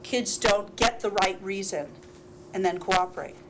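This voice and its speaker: A woman leading a parenting workshop, talking to parents in a lively, laughing way and often acting out little dialogues. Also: mid-range voice, a little slow. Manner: animated, laughing, acts out dialogues. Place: school workshop room. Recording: heavy hiss with clicks, 2000s local TV.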